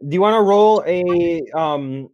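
Laid-back game master, close and dry. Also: male voice, high voice, unhurried, a little mellow, smooth, dry recording, dull audio. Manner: laid-back, steering players back from tangents. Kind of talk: running a tabletop game, casual.

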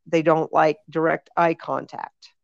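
A woman's voice: low-pitched, little pitch movement, measured pace, gravelly, dry recording. A woman co-hosting a podcast, telling rambling stories in casual chat with lots of fillers. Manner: rambling storyteller, many fillers. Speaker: podcast co-host. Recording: dull lo-fi dry recording.

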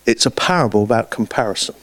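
A man preaching a sermon, telling stories with lively swings between loud and hushed delivery. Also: mid-range voice, fast talker, no echo.

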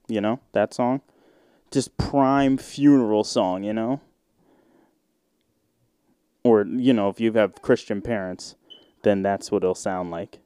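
A man's voice: lowish voice, takes it slowly, long pauses, dark tone, clear, resonant tone, dry recording, studio quality. A man hosting a solo podcast, ranting in a casual, indignant way with lots of swearing and filler words. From United States. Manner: profane, indignant, rambling with many fillers. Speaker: podcast host.

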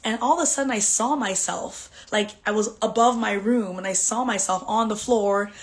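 A woman's voice: mid-range voice, normal speed. Candid, chatty woman host. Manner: candid, emotional, chatty, with frequent "like" fillers. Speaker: podcast host. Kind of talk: personal storytelling monologue.

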